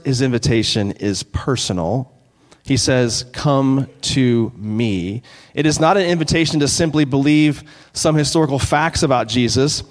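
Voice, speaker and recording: A man preaching a sermon as pastor, in an earnest, conversational way, slowing down to read scripture. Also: fairly high pitch. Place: church sanctuary. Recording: long hall reverb.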